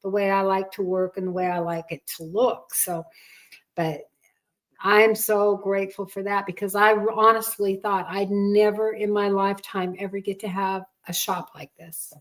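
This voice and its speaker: A woman's voice: medium pitch, little pitch movement, moderate pace, rough recording. An older woman hosting a family podcast, speaking in a casual chat and fighting back tears. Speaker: podcast host, mother.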